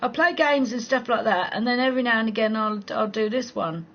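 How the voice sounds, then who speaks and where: A woman's voice: a little high, a little fast, faint music behind. A woman hosting a casual late-night live chat, reading out comments and answering bluntly, swearing and laughing often. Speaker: live-stream host. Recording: slightly dull sound with faint background hiss.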